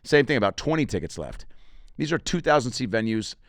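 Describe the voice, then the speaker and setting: A man's voice: mid-range voice, very animated, brisk, creaky, no echo, studio quality. A man, a comedian and podcast host, talking in a rambling, crude, joking way while plugging his shows. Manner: rambling and crude, with self-promotion and jokey asides. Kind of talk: casual podcast monologue.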